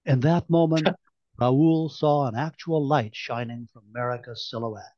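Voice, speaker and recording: A male novelist reading his own book aloud with a wry storyteller's touch, at a middling pitch. It comes through dull and lo-fi from an online event, with a dry, close sound. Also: a little slow, darkish tone, dry recording. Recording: dull lo-fi online-call audio.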